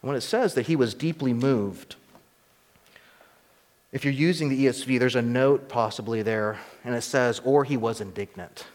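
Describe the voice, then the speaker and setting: A man's voice: medium pitch, normal speed. Man preaching in a reverberant hall. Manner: teaching, rising to emphatic peaks and dropping to quiet asides. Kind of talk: expository sermon.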